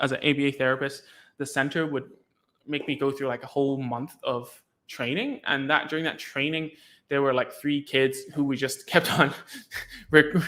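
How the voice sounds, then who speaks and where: A man's voice: medium pitch, bright, forceful tone. A young man, a podcast host and former behavioural therapist, chatting casually and filling his talk with "like" as he explains. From Hong Kong. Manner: chatty, heavy use of "like", acts out sounds and reactions.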